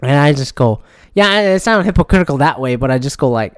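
A man's voice: fairly high pitch, animated, fast, dry recording. A man ranting casually, swearing often and rambling with frequent restarts and repeated words. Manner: profane, frustrated, rambling with restarts. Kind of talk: casual rant.

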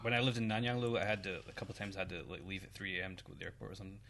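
A man co-hosting a podcast in casual chat, chatty and quick to laugh. His tone is bright and forceful, set a little low. Faint noise runs behind him. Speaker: podcast co-host.

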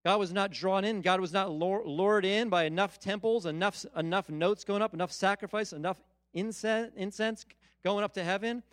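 A middle-aged man delivers a sermon in a high, light voice. He talks with animated emphasis, stacking repeated words and restarts as he presses each point. The sound is dry and close, with little room around it. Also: moderate pace, no echo. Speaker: pastor.

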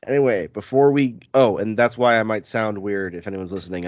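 A man's voice: fairly low pitch, darkish tone, no room sound, muffled recording. A man hosting a casual podcast chat, sounding congested from a cold, talkative and self-deprecating. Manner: chatty, self-deprecating, quick asides. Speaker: podcast host.

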